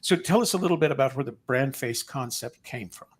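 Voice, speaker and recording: An older retired man from New Mexico with a neutral American accent, hosting a relaxed interview. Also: medium pitch, fairly quick. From New Mexico, USA. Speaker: interview host. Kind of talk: conversational interview.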